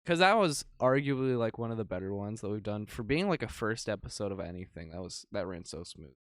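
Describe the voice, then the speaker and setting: Low-voiced young man rambling casually. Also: expressive, brisk, no room sound, studio quality. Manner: rambling, profane storytelling. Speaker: podcast co-host. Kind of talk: casual chat.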